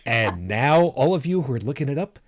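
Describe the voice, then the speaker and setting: A man co-hosts a casual podcast, breaking off to explain things to listeners. His pitch swings widely as he talks, and the recording is dry and close. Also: a little fast, no echo. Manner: animated, explains asides to listeners. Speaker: podcast co-host. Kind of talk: casual chat.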